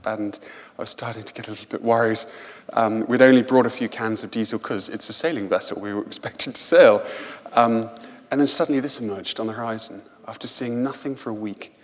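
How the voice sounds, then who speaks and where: Man lecturing in a reverberant hall. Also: fairly low pitch. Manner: lively anecdotal storytelling, self-repeating. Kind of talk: public lecture with slides.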